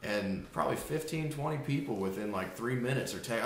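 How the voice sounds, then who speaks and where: Profane, animated storyteller in an echoey room. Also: male voice, medium pitch, brisk, vocal fry, a little hiss or hum. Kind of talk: casual chat.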